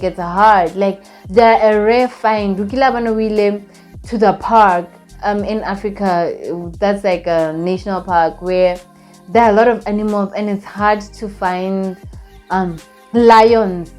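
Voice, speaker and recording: A young woman from Botswana recapping a trip in a casual vlog, chatty and animated, with lots of fillers. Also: medium pitch. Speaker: vlogger.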